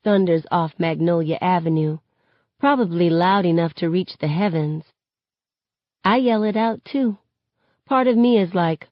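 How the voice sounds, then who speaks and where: A woman reading a novel aloud in steady first-person narration that rises sharply on shouted lines. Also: fairly low pitch, unhurried, no echo. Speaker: reader. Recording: dull lo-fi, dry sound.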